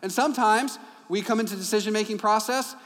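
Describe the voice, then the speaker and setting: High-voiced male pastor in a reverberant hall. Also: fast talker. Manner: animated storytelling, acting out dialogue in hushed low voices. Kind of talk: sermon. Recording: long reverb from a large hall.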